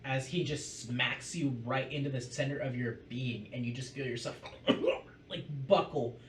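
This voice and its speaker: A man as game master, calmly calling out attack rolls and damage numbers and describing the blows. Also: mid-range voice, measured pace, slight background noise. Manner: methodical, calls out dice rolls and damage numbers. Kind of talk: running a tabletop game. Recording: roomy, distant mic with music behind. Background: music.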